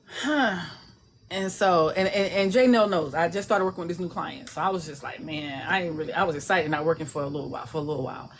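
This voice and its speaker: A woman's voice: on the low side, fast talker. A woman, an indie author, chatting casually and animatedly, acting out voices with laughter and salty language. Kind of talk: casual chat.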